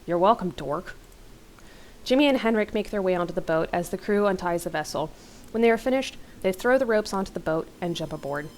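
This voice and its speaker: A woman's voice: mid-range voice, animated, fast talker, darkish tone, poor audio. A young adult woman reading an interactive horror novel aloud as a let's-play host, with casual, wry asides.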